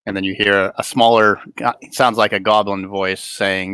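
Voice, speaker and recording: A man acting as game master for a tabletop game, describing the scene as he goes. His voice sits low but sounds bright and forward. He stops and restarts often while finding his words. The recording is dry and close. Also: flat delivery, normal speed, clear, resonant tone, no room sound. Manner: hesitant, searching for words.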